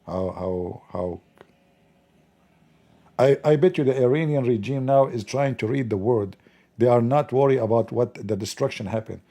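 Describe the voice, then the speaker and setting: A man's voice: medium pitch, lively intonation, moderate pace, dark tone. A man hosting a live stream, joking sarcastically with mock outrage as he comments on the news.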